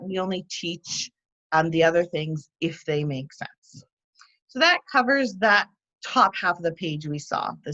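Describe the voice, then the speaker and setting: A woman's voice: on the low side, sharp tone. Woman explaining a teaching method, lo-fi sound. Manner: clear, patient, explanatory. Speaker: TESOL instructor. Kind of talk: teaching demo lesson.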